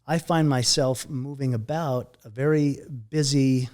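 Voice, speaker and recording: A middle-aged man describes a near-death experience in an interview, his intonation fairly even throughout. He halts and repeats words, letting his voice sink low and quiet at the hardest moments of the emotional tale.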